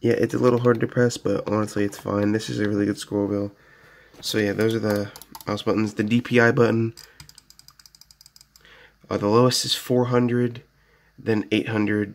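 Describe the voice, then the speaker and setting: Low gravelly casual man reviewing gear. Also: flat delivery, normal speed, pauses often. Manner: rambling, filler-heavy, lots of "so yeah". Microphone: phone camera.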